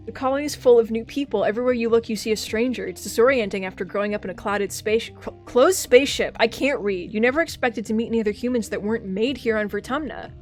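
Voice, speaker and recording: Brief: excitable woman streamer narrating a game, slightly high pitch, soft background music. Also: quick pace, few pauses. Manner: excitable, gushing, swears casually. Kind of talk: reading a game aloud on stream.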